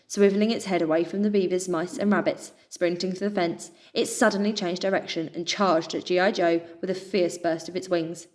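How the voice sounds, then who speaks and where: A woman reading a children's adventure story aloud with expressive narration. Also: on the low side, a little fast, hardly any pauses. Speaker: children's book reader.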